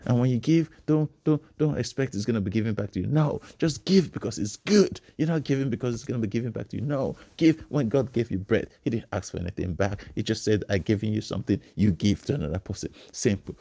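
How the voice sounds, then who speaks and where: A man's voice: lowish voice, dark tone, breathy edge, dull audio. A man giving a preachy motivational speech, repeating phrases and building to emphatic bursts. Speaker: motivational speaker.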